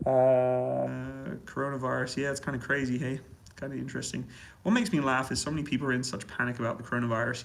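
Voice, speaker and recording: A man hosting a relaxed livestream reads viewer questions aloud and answers each in an easygoing, chatty way. His voice sits at an ordinary pitch for a man but carries a gravelly, creaky edge. He chuckles often as he talks from a hotel room. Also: poor audio. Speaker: livestream host answering chat. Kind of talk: casual livestream chat.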